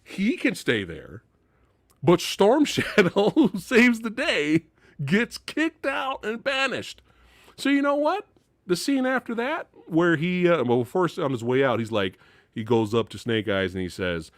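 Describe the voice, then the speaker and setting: Man, movie channel host, casual live-stream rant, animated and exasperated, mid pitch, dead-dry mic. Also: measured pace, no room sound. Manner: animated, exasperated and profane, with frequent laughs.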